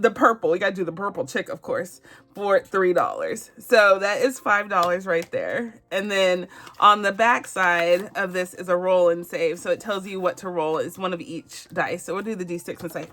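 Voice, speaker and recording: A woman's voice: mid-range voice, fairly bright tone. A woman from Barbados hosting a casual savings challenge vlog, chatting and laughing often as she goes. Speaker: budgeting channel host.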